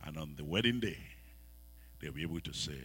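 Male pastor, West African accent, husky bright voice, lively pitch, dramatic preaching, faint mains hum. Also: brisk. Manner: dramatic preaching, asks the congregation questions, swings from soft to loud. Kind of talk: sermon.

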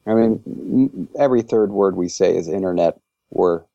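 A man's voice: deep voice, normal speed, gravelly, mellow, no echo, muffled recording. A man guesting on a podcast interview, talking enthusiastically and rambling with lots of fillers. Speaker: interview guest, language creator. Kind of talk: casual interview chat.

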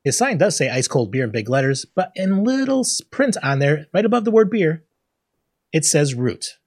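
Husky man in casual podcast banter. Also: a little high, sing-song, moderate pace. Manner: laughs often, swears, acts out quoted people. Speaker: podcast co-host. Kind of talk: casual chat.

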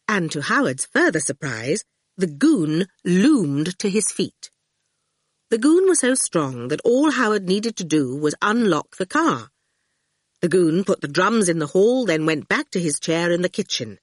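A woman narrating a children's novel in an expressive, unhurried reading. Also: on the low side, breathy edge, no room sound, studio quality. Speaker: audiobook reader. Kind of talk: storybook narration.

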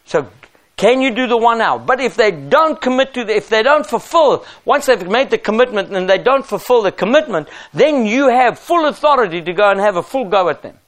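A man's voice: high-pitched, lively intonation, a little fast, a bit bright. A middle-aged man preaching a sermon as pastor, emphatic and driving his points home with rhetorical questions.

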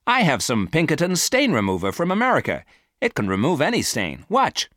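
A man voicing a confident, eager young man who talks high and boastfully. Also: huge pitch swings, brisk, a bit bright, no echo, studio quality.

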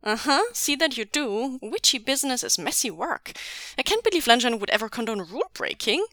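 A woman's voice: a little high, animated, brisk, a bit bright, no echo. A woman voicing a wry, patient adult man with dry, teasing humor in an audiobook reading of fan fiction.

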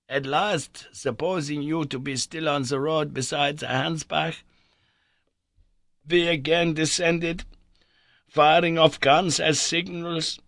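A man voicing an older scholarly uncle who speaks slowly and reassuringly, with a raised pitch. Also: fairly even intonation, vocal fry, fairly bright tone, dry recording, heavily acted. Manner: slow, deliberate and reassuring. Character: older male scholar uncle, steady and encouraging.

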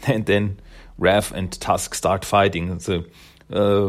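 A man reviewing a comic book in a relaxed, rambling way, with many fillers. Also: low voice, takes it slowly. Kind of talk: casual comic recap.

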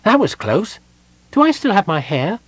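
High squeaky kender, eager and touchy, husky edge. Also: male voice, very animated, normal speed, dry recording. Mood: anxious. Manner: shrill, eager, easily offended. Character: small excitable male kender, touchy and chirpy.

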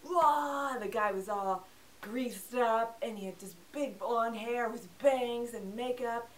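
A woman hosts a movie review show with a playful, sarcastic, joking delivery. Her pitch sits a little high, and she sounds set back from the microphone. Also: steady tone, slow, far from the mic, poor audio. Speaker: film review host. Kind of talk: casual scripted movie review.

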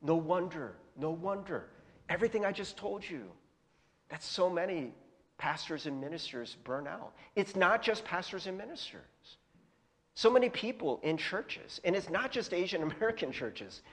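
A man's voice: a little high, long reverb tail. A male pastor preaching a sermon, telling candid stories with self-deprecating laughs and casual fillers.

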